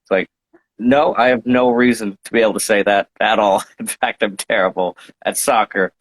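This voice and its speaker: A man's voice: lowish voice, steady tone, moderate pace. A man chatting casually as a guest, telling playful, rambling stories while suffering from hay fever. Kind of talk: casual chat.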